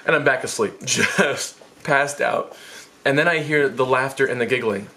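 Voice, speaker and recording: Brief: a man in his 20s, comic storytime vlogger, lively and self-mocking, quick squeaky jumps in pitch for quotes. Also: background noise.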